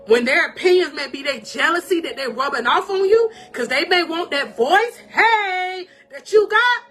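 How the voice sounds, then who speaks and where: A woman with a high, bright, forceful voice delivers a live-stream pep talk as a life coach. Her manner is animated and emotional, with frequent laughter and preacherly call-outs to her viewers. Soft music plays faintly behind her. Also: normal speed.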